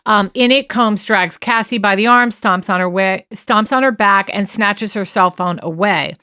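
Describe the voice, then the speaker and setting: A woman co-hosting a casual podcast recaps a trial with animated restarts, lifting her voice to act out the texts she quotes. Her voice sits at an average pitch, and the recording is dry and close. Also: normal speed, dry recording. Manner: animated retelling with restarts, quoting texts in a raised voice. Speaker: podcast co-host. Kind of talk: casual true-crime chat.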